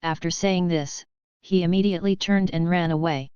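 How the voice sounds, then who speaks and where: A woman narrating an audiobook in an even, steady reading. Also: on the low side, moderate pace, clean tone, no echo. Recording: dull lo-fi dry audio.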